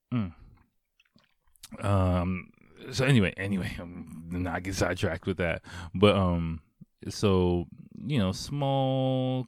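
Deep-voiced man rambling profanely. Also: darkish tone, no room sound, studio quality. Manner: rambling, profane, lots of fillers and restarts. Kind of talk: casual movie recap.

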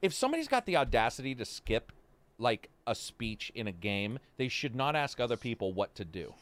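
A man's voice: mid-range voice, brisk. A man hosting a casual voice chat, telling stories with lots of swearing and acted-out quotes of his friends. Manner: animated storytelling, swears, acts out friends' lines. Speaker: streamer host.

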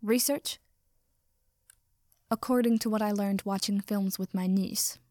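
A woman's voice: mid-range voice, steady tone, unhurried, mellow, no echo, clean studio sound, close to an everyday voice. A woman voicing a pompous, formal tin man who speaks precisely like a class president. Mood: lecturing.

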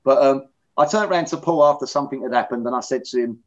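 Speaking quickly at a medium pitch, a middle-aged man recounts his own story in an interview with blunt, plain-spoken candor. He is in recovery and giving personal testimony, and the recording is dull and lo-fi.

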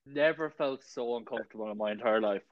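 A young man chatting casually as a podcast co-host, telling stories with laughs and animated quotes. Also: mid-range voice, fast, highs cut off, background noise. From Ireland. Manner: laughing storyteller, animated when quoting people. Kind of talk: casual chat.

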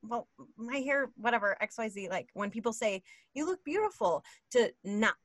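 A woman's voice: mid-range voice, moderate pace, no room sound. A woman and mother co-hosting a casual chat, telling stories and acting out the quotes in them. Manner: animated storyteller, acts out quotes. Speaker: podcast co-host, mother of three.

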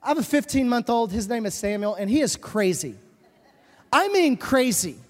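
A woman's voice: medium pitch, lively intonation, brisk, darkish tone. Woman pastor giving a sermon: earnest, emphatic, repeats key lines; stage mic in a big church hall with long reverb.

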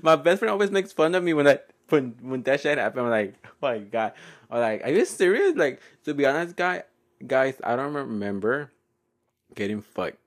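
A man's voice: mid-range voice, animated, normal speed. Giggly young man. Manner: playful, giggly, code-switching, often loud and laughing. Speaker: podcast host. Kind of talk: casual solo podcast storytelling.

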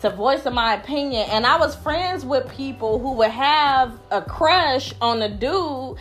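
A young woman talking casually on a podcast about friendships, loud and blunt, swearing freely and acting out what others say. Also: sits high, unhurried, faint music behind. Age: young adult. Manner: loud, blunt, profane, animated storytelling. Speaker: podcast panelist. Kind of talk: casual chat.

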